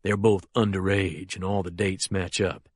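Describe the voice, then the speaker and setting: A man reading as a menacing younger male crime boss, speaking low and quietly controlled in an audiobook. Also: little pitch movement, normal speed, no room sound, clean studio sound. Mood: commanding.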